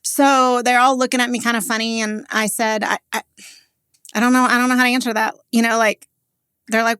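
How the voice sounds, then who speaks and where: A woman's voice: fairly high pitch, steady tone, fairly bright tone, clear, resonant tone, no room sound, studio quality. A woman in her forties from Texas, a business owner telling a personal story as a podcast guest, candid and chatty with frequent "like" fillers. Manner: candid and conversational, many "like" fillers, quick laughs.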